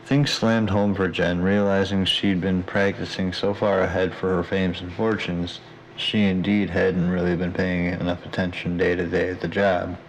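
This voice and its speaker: A man reading his own audiobook aloud in a steady, even way. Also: low voice, normal speed, a little hiss or hum, poor audio. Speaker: audiobook narrator. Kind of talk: audiobook narration.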